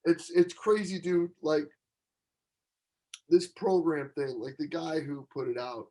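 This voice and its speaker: A man's voice: a little high, steady tone, unhurried, mellow. A man hosting a podcast, upbeat and slangy, calling his guest "dude" and sounding enthusiastic. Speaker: podcast host. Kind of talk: casual podcast interview.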